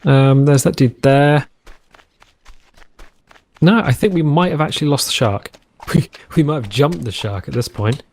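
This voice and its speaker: A man's voice: a little high, a little slow, pauses often, a little mellow. Chatty man rambling over gameplay. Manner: rambling, chatty, musing aloud while playing. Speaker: gaming channel host. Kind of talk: let's play commentary.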